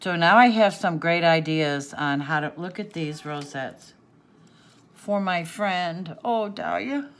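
Teary woman gushing slowly. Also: on the low side, animated, a bit bright. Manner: gushing, gasping and laughing with delight. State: teary, sniffling from crying. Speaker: crafting channel host. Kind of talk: unboxing happy mail, chatting to viewers off camera.

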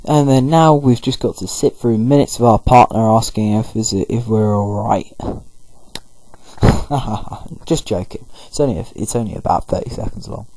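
Male let's-player, slightly husky and dry-close, rambling casual commentary. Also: lowish voice, dark tone, no echo, low-quality recording. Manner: rambling, paraphrases characters in quick throwaway voices. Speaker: gameplay commentator.

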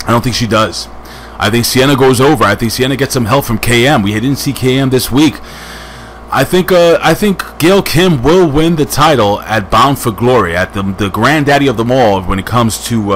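A man casually reviewing a wrestling show, rambling and joking with quick asides, hyped up on strong coffee. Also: mid-range voice, a little hiss or hum. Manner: rambling, jokey, lively asides.

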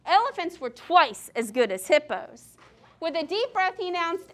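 A high-voiced woman teacher reads a storybook aloud to a class of children. She keeps it lively, stopping to quiz the kids and comment on the story. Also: moderate pace. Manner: lively, asks the class questions. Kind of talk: reading a picture book aloud to children.

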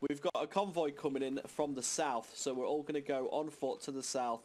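A man's voice: mid-range voice, fairly quick. A man leading his squad in a military game, giving a rambling, casual briefing over voice chat with a headset. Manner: relaxed, rambling orders with fillers.

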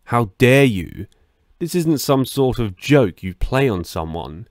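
A man's voice: mid-range voice, sing-song, takes it slowly, dry recording, clean studio sound. A man voicing a furious young woman. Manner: shouting, defiant. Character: angry young woman fighting off an attacker.

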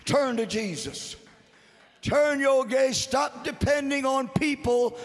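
Man preaching slow in a big echoey church, goes from whispering to shouting, says stuff twice. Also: very high-pitched. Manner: swings between hushed whispers and shouted exhortation; repeats short phrases for emphasis. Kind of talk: Good Friday sermon. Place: church sanctuary. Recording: long church reverb.

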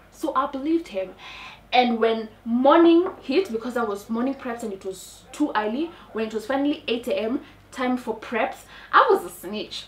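A young woman with a Kenyan accent telling a comic personal story in a dramatic, animated way. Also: on the high side. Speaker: storyteller on a talk show. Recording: echoey room, mic at a distance.

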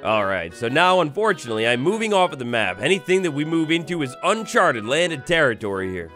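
Animated young man narrating a game. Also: a little high, brisk, faint music behind. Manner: playful, theatrical, talks to game animals. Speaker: gaming YouTuber. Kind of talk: Minecraft let's play commentary.

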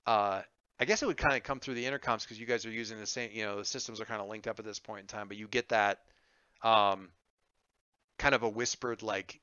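Man, game master, rambling easygoing narration, bright smooth voice, dry dull audio. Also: lowish voice, steady tone, fairly quick, no echo. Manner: rambling, frequent ums and restarts, easygoing.

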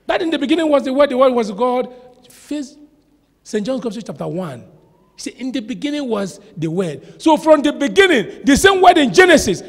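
A man preaching a sermon as a pastor, shouting some lines and slowing hard on others. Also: sits high. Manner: preaching with sudden shouts and dramatic slow stretches. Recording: long hall reverb.

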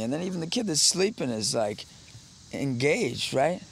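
A man's voice: mid-range voice, expressive, moderate pace. A man who works as a street minister tells his own story, bluntly and ramblingly, repeating himself as he goes. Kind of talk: personal testimony interview.

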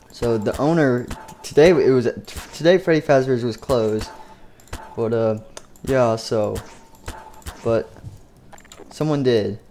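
A man casually narrating a game story in a rambling, halting way. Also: medium pitch, a little mellow, slight background noise. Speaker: youtuber.

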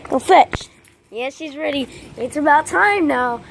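A woman's voice: high voice, expressive, unhurried, vocal fry, slight background noise. A woman vlogging on a handheld phone outdoors in a backyard, chatty and rambling as she talks to her dog. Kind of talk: casual vlog talk.

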